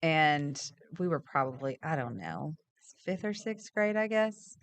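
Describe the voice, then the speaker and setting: A woman's voice: low voice, lively intonation, a little slow, no echo. A woman news anchor from Arkansas, chatting casually on air and telling her own story in a reflective way. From Fort Smith, Arkansas. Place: TV news studio.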